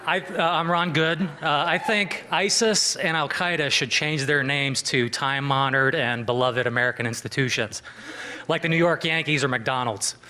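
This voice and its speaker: A man doing a stand-up set at a comedy club, with a dry, halting delivery. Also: medium pitch, fairly even intonation, bright, forceful tone. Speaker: stand-up comic.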